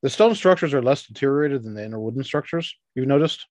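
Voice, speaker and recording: A man's voice: medium pitch, expressive, fast talker, darkish tone, dry recording. A man running a tabletop game as game master, describing scenes in a loose, rambling way with lots of fillers.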